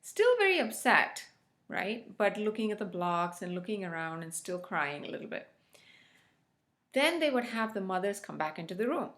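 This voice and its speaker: Woman educator, mid-pitched, explains in a lively narrative style with frequent "okay?" and "right?". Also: normal speed. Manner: animated storytelling, frequent "right?" and "okay?" check-ins. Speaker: relationship educator. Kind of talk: explanatory talk.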